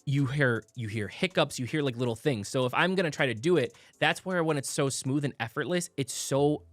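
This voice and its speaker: A man's voice: medium pitch, fairly quick, a bit bright, no echo. A man co-hosting a casual music reaction show who explains vocal technique in plain terms, with lots of "like" fillers. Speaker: music producer and co-host.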